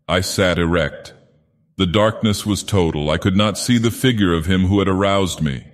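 With a low-pitched voice at normal speed, a man solemnly narrates a horror tale, lightly acting the part of a grandiose, menacing ancient god-villain. The mood is brooding, and the dramatic reading carries a long reverb.

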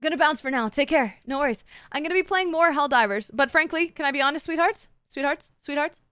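High pitched woman streamer goofing around w chat, swears a ton, super dry close sound. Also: animated, fast, pushed and bright, dry recording. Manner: playful, crude, swears a lot, teases chat. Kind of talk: casual live-stream chat.

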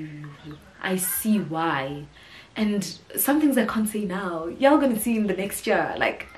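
A young woman in her twenties with a South African accent, chatting casually to camera and often saying "guys" and "yo". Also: lowish voice. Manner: chatty, says yo and guys a lot. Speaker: vlogger. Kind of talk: casual chat. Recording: echoey room.

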